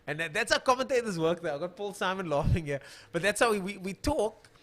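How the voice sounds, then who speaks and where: A man calls a drag racing event live on a stream, talking loosely and thinking out loud. He fills the pauses with easy chatter while he searches for drivers' names, and his voice sits a little higher than most men's. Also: expressive.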